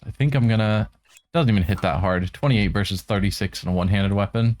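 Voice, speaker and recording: A man giving relaxed let's-play commentary, making wry asides and talking to the enemies on screen. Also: fairly low pitch, fairly quick. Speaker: game streamer.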